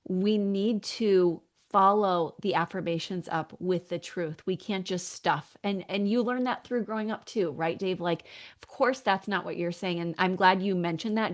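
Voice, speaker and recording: A woman hosting a podcast on marriage, talking in a relaxed way and murmuring agreement while her guests speak. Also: on the low side, moderate pace, few pauses. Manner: affirming, many listening murmurs. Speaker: podcast host. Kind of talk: casual chat.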